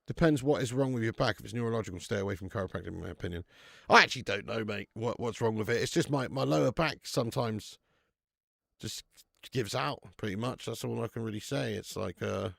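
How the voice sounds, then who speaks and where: A man's voice: fairly low pitch, brisk, creaky, a bit bright, dry recording, studio quality. A man hosting a fan football watch-along stream, chatting casually, rambling and swearing freely while reading out viewer comments.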